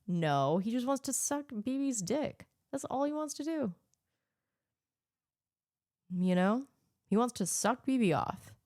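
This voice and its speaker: A woman's voice: on the high side, expressive, measured pace, pauses often, darkish tone, no echo, studio quality. A woman hosting her own podcast, ranting solo in a sarcastic, profane, opinionated way. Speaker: podcast host.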